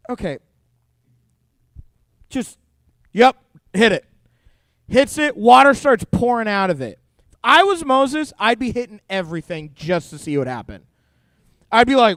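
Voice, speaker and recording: A young male youth pastor with a high, smooth, resonant voice, cracking jokes as he preaches to teens. His delivery is animated and playful, recorded up close and dry. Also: a little slow, pauses often, no room sound. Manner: jokey, animated storytelling to teens. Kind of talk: youth sermon.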